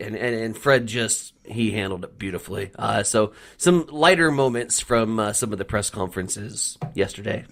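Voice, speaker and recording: A man co-hosting a sports talk show, telling light stories in a chatty, animated way, often repeating words. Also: on the low side, normal speed, vocal fry, few pauses. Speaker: sports radio co-host.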